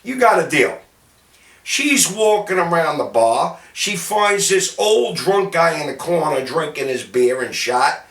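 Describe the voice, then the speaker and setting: A man from City, telling salty anecdotes about his bartending days in a lively, gesturing way. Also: fairly high pitch, unhurried. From Jersey City, New Jersey, US. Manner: animated, gestures while talking, salty. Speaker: storyteller, former bartender. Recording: roomy sound from a distant mic.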